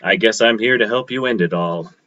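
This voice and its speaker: Brief: a man putting on a foul-mouthed, mocking knife spirit that taunts its owner, its voice set a little higher and bright, over dull lo-fi audio. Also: fairly quick. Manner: mocking, profane. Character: crude sarcastic male voice from a magic knife.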